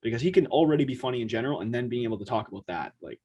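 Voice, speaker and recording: A man co-hosting a podcast in a casual chat, talking in an animated way and acting out quotes in quick asides. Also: medium pitch, breathy edge, lo-fi sound. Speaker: podcast co-host.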